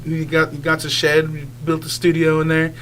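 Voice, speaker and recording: A man's voice: a little high, monotone, moderate pace, a bit bright. A young man, a guest singer, talking casually in a radio interview, rambling with lots of filler words and easy laughs. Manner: rambling, many filler likes, laughs easily.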